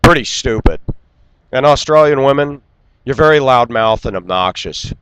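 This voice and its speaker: A man delivering an indignant, lecturing rant straight to camera and clearing his throat now and then. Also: mid-range voice, animated, normal speed, noisy background. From United States. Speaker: vlogger. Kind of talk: ranting monologue.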